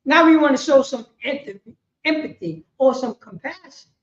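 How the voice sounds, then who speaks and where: High-voiced emphatic New woman preaching. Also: animated, moderate pace. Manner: emphatic, repetitive, swings between loud bursts and quiet asides. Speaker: class teacher. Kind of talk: preaching to a class. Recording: echoey room, muffled lo-fi sound.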